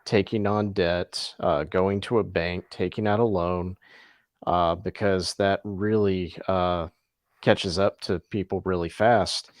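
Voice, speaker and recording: A man talking in a casual podcast, measured and thoughtful with hesitant fillers. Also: deep voice, fairly even intonation, no echo, studio quality.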